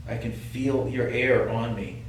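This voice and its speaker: In an old building at night, a Boston-accented paranormal investigator calmly and earnestly coaxes an unseen spirit to speak during a ghost hunt. His mid-range voice moves a little slowly. The mic sits far off in a very echoey room, with faint hiss.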